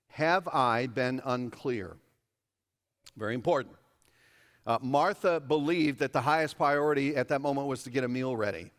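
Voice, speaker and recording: A man pastor preaching a conversational, humorous sermon, his voice jumping higher for emphasis, heard in a church sanctuary. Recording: echoey church hall.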